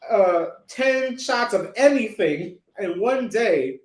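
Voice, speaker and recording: A man hosting a casual livestream, telling stories in an animated way, repeating lines for effect and laughing along. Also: sits high, slow pace, roomy sound. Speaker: host.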